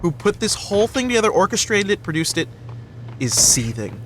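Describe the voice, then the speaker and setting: Male co-host, lively pitch, storyteller, faint hiss behind. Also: fairly quick. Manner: animated storyteller, swears freely. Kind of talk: casual chat.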